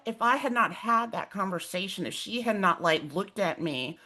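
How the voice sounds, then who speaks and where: A woman hosting a webinar in a casual, animated way, telling a personal story with lots of fillers. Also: medium pitch, normal speed. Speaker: host.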